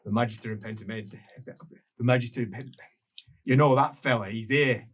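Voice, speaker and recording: Guy playing a grumpy swearing thug, husky voice. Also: medium pitch, a little fast, natural voice. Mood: grumbling. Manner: grumbling, swearing, exasperated. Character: grumbling stocky male henchman named Arthur.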